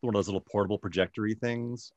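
A man's voice: lowish voice, fairly even intonation, racing, a little mellow, no echo. A man co-hosting a casual podcast, talking with many fillers and hesitations. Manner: hesitant, lots of filler words. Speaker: podcast co-host. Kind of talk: casual chat.

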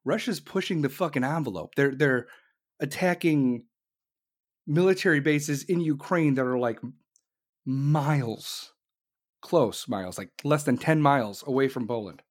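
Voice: medium pitch, unhurried. A commentator delivering an angry, blunt political rant full of swearing.

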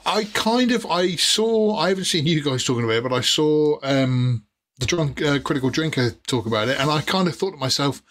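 Man, middle-aged, podcast host, bright tone, chatty, jokey, filler-heavy. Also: a little high, lively intonation, fairly quick. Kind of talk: casual podcast chat.

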